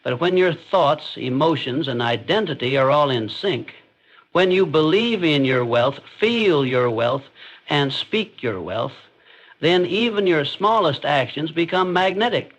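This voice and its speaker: A man's voice: on the high side, expressive, measured pace, a bit bright, dull audio. A man giving scripted motivational narration in an intense, emphatic, declarative way.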